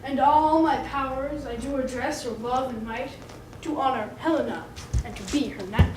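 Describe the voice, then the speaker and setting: A woman's voice: high voice, moderate pace, darkish tone, lightly acted. A woman playing an ardent young male lover, declaiming verse earnestly on stage. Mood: passionate. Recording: echoey and noisy, from far off.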